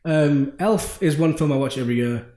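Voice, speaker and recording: A young man hosting a casual podcast chat, retelling film plots in a quick, chatty way. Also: a little high, warm tone. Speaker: podcast host. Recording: roomy echo.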